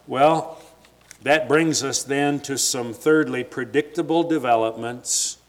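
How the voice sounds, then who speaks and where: Man, preacher, sermon, slow delivery, emphatic, retells scripture plainly. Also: mid-range voice.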